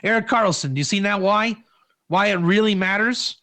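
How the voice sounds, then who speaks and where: Man, high voice, Torah teacher, informal class, rambling, rhetorical questions. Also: normal speed, bright, forceful tone.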